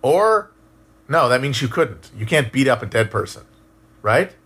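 A man casually talking on a live stream and answering chat, musing out loud, swearing now and then, with frequent restarts. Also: medium pitch, very animated, measured pace, husky. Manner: rambling, musing, profane, many restarts.

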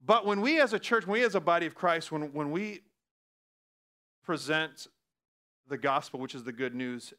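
A man preaching a sermon as pastor, talking in a casual, laughing way and swinging from hushed lines to loud outbursts. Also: on the high side, moderate pace, long pauses.

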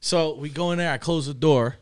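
A man's voice: fairly high pitch, fairly quick, clear, resonant tone. Profane man telling a crude story. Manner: laughs through his own story. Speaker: guest storyteller. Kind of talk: casual podcast chat.

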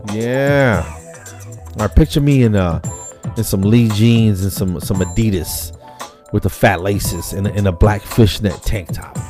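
A man's voice: deep voice, dark tone. A man in his fifties hosting a comedy show, rambling through a casual monologue and chuckling at his own jokes.

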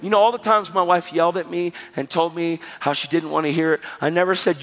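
High-voiced preacher in a reverberant hall. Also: male voice, moderate pace. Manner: animated, shifting between loud exhortation and hushed storytelling. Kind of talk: sermon with storytelling. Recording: long hall reverb with faint music.

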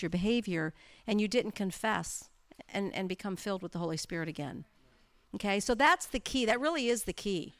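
A woman's voice: medium pitch, dry recording. A woman leading a church group, teaching in an informal talk and acting out her own stories. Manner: animated storytelling, acts out her own inner voice. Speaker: church leader.

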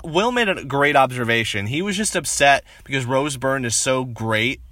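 A man co-hosting a podcast, joking and teasing his friends in loose, loud banter and laughing often. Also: mid-range voice, expressive, moderate pace, no echo, clean studio sound. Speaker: podcast co-host. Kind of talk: casual banter.

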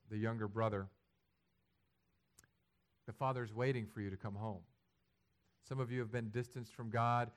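A man preaching a sermon, acting out imagined prayers and building to loud, emphatic passages. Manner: rises to loud, high-pitched emphatic passages; acts out imagined prayers and quotes. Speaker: pastor.

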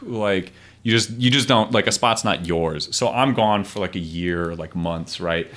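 Podcast guest, male, lowish voice, loose and profane, rambling storyteller. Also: a little slow, a bit bright. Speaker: podcast guest, street poet. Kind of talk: casual storytelling chat.

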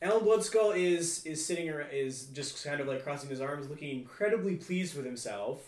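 A man narrating as game master for a tabletop game podcast, playful and laughing, often pausing on fillers. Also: on the high side, expressive, far from the mic. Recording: echoey room, off the mic.

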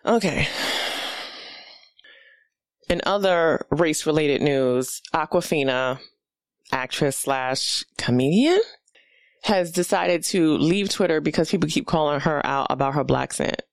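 A New York comedian in her forties rants bluntly and profanely in a casual podcast monologue. Her voice sits low, and she speaks at a measured pace with long pauses. There's no echo.

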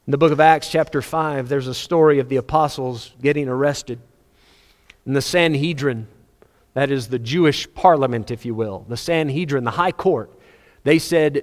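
A man preaching a sermon with passion, rising to loud appeals and dropping to hushed, low passages. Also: normal speed. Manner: impassioned, swinging between loud high-pitched appeals and hushed low passages. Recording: long reverb of a large hall.

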